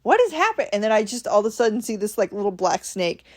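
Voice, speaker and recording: A woman's voice: medium pitch, fairly even intonation, fast, darkish tone. A woman from Ohio casually telling a story from her week, animatedly acting out what people said. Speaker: vlogger.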